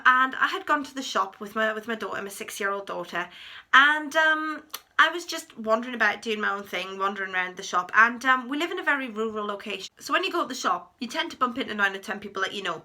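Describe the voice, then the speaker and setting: A woman in her thirties telling a personal story to camera in a chatty, animated way, acting out what people said. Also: a little high. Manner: chatty, animated retelling with acted quotes. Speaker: vlogger. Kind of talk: storytime vlog.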